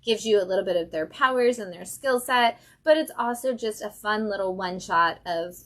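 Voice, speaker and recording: A woman's voice: medium pitch, normal speed, a bit bright. A woman hosting a casual livestream from a comic shop, chatting enthusiastically about new comics with lots of fillers.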